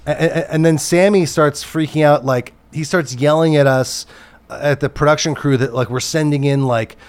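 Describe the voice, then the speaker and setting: A man's voice: on the high side, normal speed, smooth. A man who works as a TV producer, telling a story in casual chat, rambling with many restarts and fillers and swearing freely.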